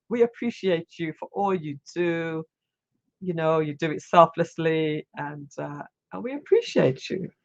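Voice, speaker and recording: A woman's voice: lowish voice, lo-fi sound. A woman hosting a live online talk show, chatting casually and heaping repeated praise on a guest with plenty of restarts and fillers. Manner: warm, repetitive praise with frequent restarts and fillers. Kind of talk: casual live-stream chat.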